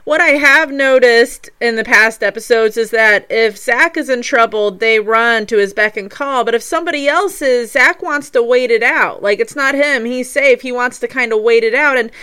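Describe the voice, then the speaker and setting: A woman's voice: fairly high pitch, moderate pace, few pauses, sharp tone, smooth. A woman hosting a casual chat, talking in a conversational, reflective way.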